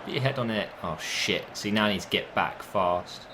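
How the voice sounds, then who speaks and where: A young man commentating on his own football video game match, casual and chatty, with swearing and sudden excited outbursts. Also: fairly low pitch, moderate pace, slight background noise. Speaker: gaming commentator.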